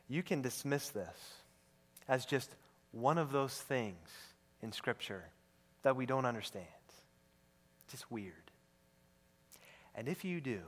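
A man preaching a sermon as pastor, swinging between hushed low asides and loud emphatic declarations, and asking his listeners questions. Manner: questions the congregation, acts out biblical speakers. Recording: long reverb of a large hall.

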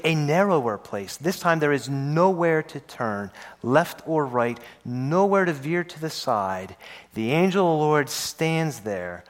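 A man with a fairly high voice preaches a sermon. He tells the story with animated energy and playful asides. His pacing stretches and rushes for effect. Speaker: pastor. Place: church service.

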